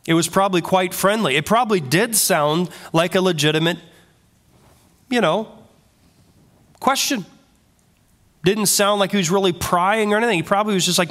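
Guy preaching a sermon, fairly high voice, lots of rhetorical questions. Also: moderate pace, long pauses. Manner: animated, full of rhetorical questions. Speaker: pastor.

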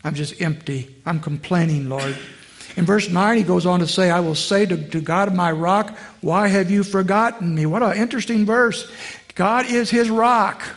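Preaching man with a fairly high voice. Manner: conversational preaching with rhetorical questions. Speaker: pastor. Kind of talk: sermon.

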